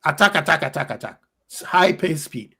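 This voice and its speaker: A man's voice: a little high, lively intonation, brisk, vocal fry, sharp tone, breathy edge. A man hosting a heated fan debate on football, blunt and emphatic, hammering his points home. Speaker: football podcast host.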